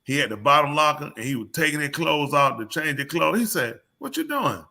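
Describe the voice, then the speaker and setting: A man co-hosting a live call-in show, telling stories in casual banter with loud bursts of laughter. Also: fairly high pitch, a little fast. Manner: animated storytelling with loud laughs. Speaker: co-host.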